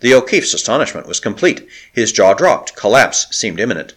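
A man narrating a novel aloud in a dramatic, expressive storytelling manner. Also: fairly low pitch, normal speed. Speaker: audiobook narrator.

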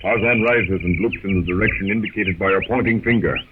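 Low-voiced radio drama narrator. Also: male voice, brisk. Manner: dramatic storytelling. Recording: tinny old radio broadcast with hiss.

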